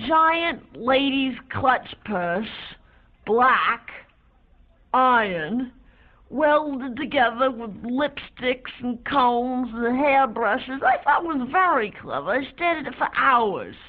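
A woman voicing an elderly lady who reminisces slowly, with hesitant pauses. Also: sits high. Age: older. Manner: slow, halting, hesitant reminiscence. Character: elderly woman reminiscing, wistful, gentle, rambling. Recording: tinny lo-fi phone-like sound.

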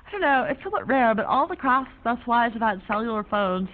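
A woman's voice: on the high side, animated, a little fast, lightly acted. An actress playing a young woman on a one-sided phone call, rambling in quirky, ornate slang. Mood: breezy. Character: free-spirited young woman, chatty and offbeat. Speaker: young woman calling a friend. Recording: narrow phone-like sound, faint hiss.

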